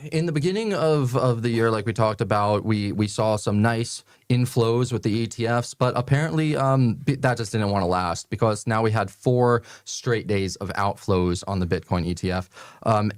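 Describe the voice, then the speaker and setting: A man's voice: on the low side, no echo, studio quality. A man co-hosting a casual crypto market chat, easygoing and joking, with some hesitations. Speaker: crypto show co-host.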